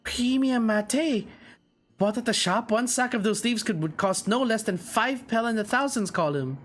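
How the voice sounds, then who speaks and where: A man reading game dialogue aloud, voicing a spirited young woman in a raised, excited voice. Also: high-pitched, normal speed, pitched above the performer's own voice. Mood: eager.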